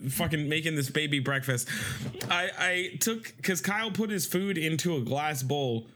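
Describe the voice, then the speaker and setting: Man, high voice, bright tone, animated storytelling, laughs, swears. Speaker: podcast co-host. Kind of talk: casual comedic storytelling.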